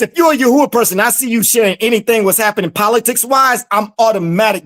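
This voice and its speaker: Podcast preacher, lively swooping pitch, mid-range voice, emphatic, repeats words, rhetorical questions, hushed asides then shouts. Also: a little slow. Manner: swings between hushed asides and sudden shouting. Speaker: podcast host teaching scripture. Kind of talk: fiery preaching commentary.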